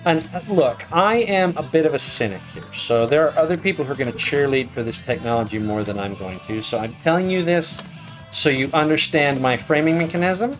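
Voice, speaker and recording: A man's voice: fairly high pitch, brisk, soft background music. A middle-aged man, a law professor guest, talking frankly and wryly in a casual interview. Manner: frank, wry, self-correcting.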